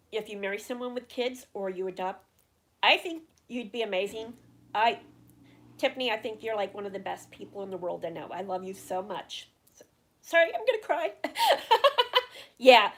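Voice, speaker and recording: A middle-aged woman hosts a relaxed livestream, reading out viewers' questions and answering them at length. Her voice sits a little on the high side. She rambles through fillers and restarts and speaks openly about her feelings. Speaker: livestream host. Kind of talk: casual livestream chat answering viewer comments.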